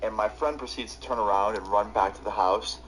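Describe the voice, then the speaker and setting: A man's voice: fairly low pitch, steady tone, fairly quick, a little hiss or hum, rough recording. A young man streaming live, telling a long story in a casual, rambling way full of "like". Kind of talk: storytelling while live gaming.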